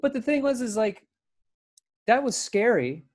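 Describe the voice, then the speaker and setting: A man co-hosting a podcast, telling stories in casual chat, animated and full of swearing. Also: very high-pitched, a little slow. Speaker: podcast co-host.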